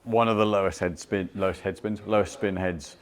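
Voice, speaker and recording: A British man working as a club fitter, explaining launch and spin numbers to a customer in a measured way, with restarts and fillers. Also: deep voice, fairly even intonation. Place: indoor golf fitting studio.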